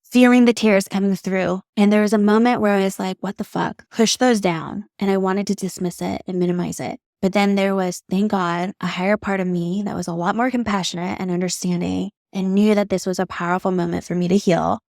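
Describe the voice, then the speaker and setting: A young adult woman talks through her own podcast episode, candid and heartfelt, now and then swearing casually. Her voice sits in an ordinary middle pitch. The recording is dry and close, with no room sound. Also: fairly even intonation, brisk, hardly any pauses, darkish tone, dry recording. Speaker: podcast host, beauty artist. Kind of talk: solo podcast monologue.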